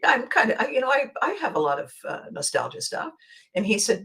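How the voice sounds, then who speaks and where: A woman's voice: a little high, very animated, a little fast, fairly bright tone, poor audio. A middle-aged woman hosting a casual livestream chat, talky and laughing often, restarting her sentences. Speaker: host.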